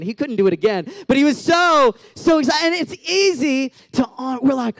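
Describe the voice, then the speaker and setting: A man's voice: extremely high pitch, normal speed, hardly any pauses, a bit bright, dry recording. A man in his thirties giving a casual, chatty sermon as a youth pastor, full of "like" and "right?", on a close mic.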